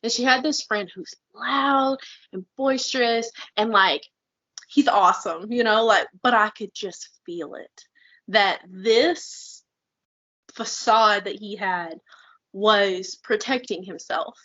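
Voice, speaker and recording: A woman's voice: medium pitch, slow, fairly bright tone, no room sound, dull audio. A woman co-hosting a podcast in casual chat, blunt and fired up, swearing freely. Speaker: podcast co-host.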